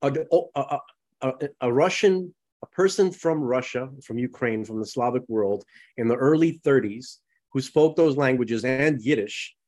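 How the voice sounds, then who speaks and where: A man's voice: medium pitch, expressive, normal speed, darkish tone. A man co-hosting a podcast in casual conversation, talking in a rambling way with many restarts and "you know"s. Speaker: podcast co-host.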